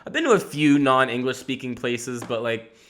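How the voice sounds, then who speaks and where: Bright-voiced rambling podcast host. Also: male voice, medium pitch, moderate pace. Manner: rambling, animated storytelling, swearing and laughing. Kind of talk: casual solo podcast monologue.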